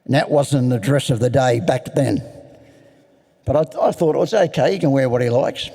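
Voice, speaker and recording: A man's voice: medium pitch, moderate pace, mellow. An older man rambling through a self-mocking personal story at a recovery meeting. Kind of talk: personal story told to an audience. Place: large hall. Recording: echoey large hall.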